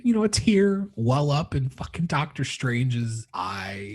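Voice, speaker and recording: Husky-voiced man gushing in a podcast. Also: a little high, very animated, unhurried. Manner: emotional, heavy swearing, rambling retelling. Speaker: podcast host reviewing a film. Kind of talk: casual spoiler review monologue.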